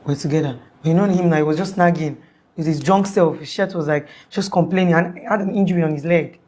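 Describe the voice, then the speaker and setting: Fast-talking Nigerian woman telling a story. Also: low voice. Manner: animated, acts out quoted speech, many restarts. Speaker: guest recounting an event. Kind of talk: conversational storytelling.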